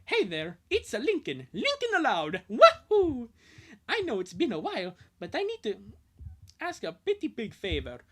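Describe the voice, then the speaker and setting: A woman's voice: a little high, wildly swooping pitch, normal speed, a bit bright, voice pushed up, full character voice. A woman voicing an earnest young boy on the run, asking for help in a pleading tone during a fan reading.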